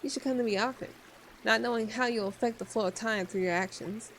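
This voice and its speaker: A woman's voice: fairly high pitch, a little fast, slight background noise, lightly acted, low-quality recording. A woman voicing an ancient, bored skeleton chronicler who speaks in a lofty, archaic way with bits of slang.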